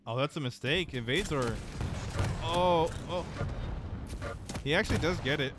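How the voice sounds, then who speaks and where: A man casting a live online shooter match in a casual, rambling way, with sudden excited outbursts. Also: mid-range voice, moderate pace, pauses often, background noise. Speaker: esports caster. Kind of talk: live game commentary. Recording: loud game gunfire under voice. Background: game gunfire and rockets.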